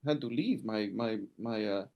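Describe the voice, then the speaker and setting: A man voicing an earnest foreign woman who searches for her lost brother, speaking broken English with many pauses. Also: fairly low pitch, lively intonation, dull audio, voice pushed down. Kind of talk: game master voicing a character.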